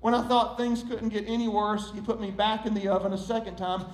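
A man voicing a long-suffering talking teacup in a sermon story, crying out in high pleas. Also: level tone, a little fast, close to an everyday voice. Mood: plaintive. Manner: storytelling, rising to high pleading cries. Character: old teacup, male, long-suffering and wondering. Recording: roomy echo.

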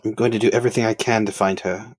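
A man playing in a tabletop game, speaking gently and with amusement. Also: on the low side, fairly even intonation, rapid-fire, slightly rough. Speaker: player. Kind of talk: casual tabletop play.

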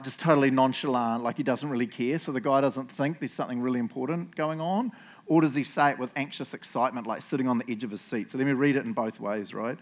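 A man giving a casual, playful Bible talk, joking and chatting with his listeners. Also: medium pitch. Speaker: preacher.

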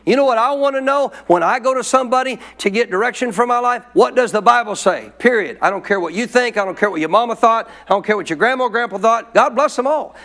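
Male preacher, emphatic sermon, high voice, rapid delivery. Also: expressive, fairly bright tone. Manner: emphatic, repeats points and asks the congregation for amens.

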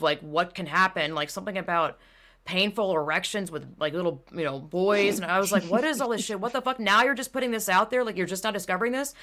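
A young adult woman in casual chat, talking bluntly with lots of swearing and animated rants. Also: mid-range voice. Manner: blunt, profane, animated ranting.

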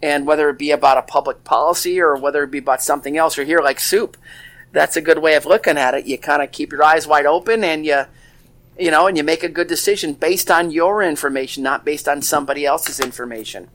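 A man's voice: fairly high pitch, fairly even intonation, quick pace, a bit bright. A man co-hosting a casual talk show, rambling with many restarts and "you know"s. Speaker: co-host. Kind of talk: casual chat.

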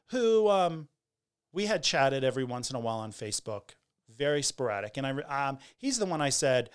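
A man in his forties, talking candidly to camera in a conversational way, trailing off with pauses and restarts. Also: medium pitch, sing-song, clean tone. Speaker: vlogger telling a personal story. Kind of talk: candid personal storytelling.

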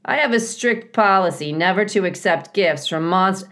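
A woman voicing a stubborn, grumbling male beaver father who talks loud and emphatic. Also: mid-range voice, normal speed, voice pushed up, close to an everyday voice. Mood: stern.

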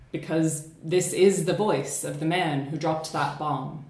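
A woman's voice: low-pitched, steady tone, darkish tone, reverberant. American woman reciting spoken word poetry. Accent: American, slightly shifted by living in Scotland. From United States. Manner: measured, rhythmic poetic delivery with deliberate slowing. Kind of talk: podcast chat, then spoken word poem performance.

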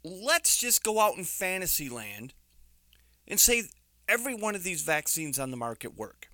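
A man's voice: high voice, very animated, moderate pace, sharp tone, dry recording, studio quality. A man with a New York accent giving an indignant, sarcastic opinion commentary, stressing his words hard.

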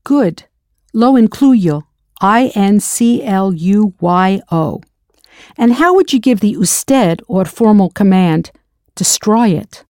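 In a recorded language lesson, a woman spells words out one letter at a time and then asks the listener to answer. Her medium-pitched voice is expressive and slightly dark, and she takes her time. The studio recording is clean, with no room sound.

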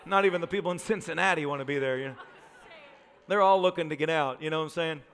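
A man preaching a sermon as pastor, animated and joking, full of rhetorical questions. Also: on the high side, fairly quick, a crowd in the background, background noise. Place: church sanctuary. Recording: live church recording with long reverb.

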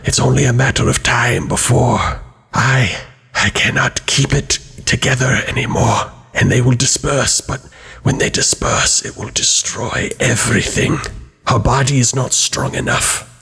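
A man voicing an emaciated female angel who speaks slowly and gravely, sometimes in a whisper. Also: medium pitch, steady tone, pushed and bright, full character voice. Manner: slow, grave, at times whispered.

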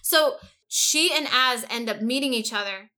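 A woman casually chatting about a book with a co-host, animated and gossipy, full of slang. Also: fairly high pitch, moderate pace. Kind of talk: casual book discussion chat.

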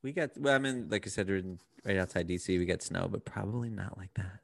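A man's voice: low-pitched, fast, vocal fry. A man hosting a podcast, chatting in a playful, rambling way. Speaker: podcast host. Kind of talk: casual interview chat.

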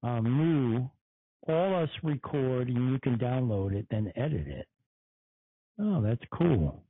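A man's voice: medium pitch, expressive, slow pace, breathy edge, no echo, narrow, tinny audio. A man hosting a casual podcast, angry and profane, mocking and swearing. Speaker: podcast host. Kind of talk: casual profane livestream rant.

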